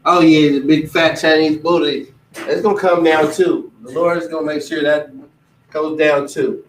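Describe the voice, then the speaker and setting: Slightly high-voiced man teaching, echoey and distant. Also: moderate pace, slight background noise. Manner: animated, mimics other people's voices. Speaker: religious teacher. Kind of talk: casual street teaching. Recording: echoey room, distant mic.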